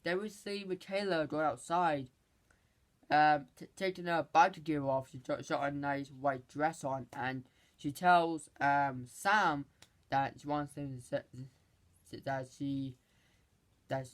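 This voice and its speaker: A movie reviewer casually recapping a film, rambling and halting, with many restarts and exasperated asides. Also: mid-range voice, fairly even intonation.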